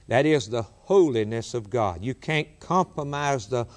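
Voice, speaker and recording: A man preaching a sermon, rising in pitch to quote scripture and repeating key words for emphasis. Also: animated, unhurried.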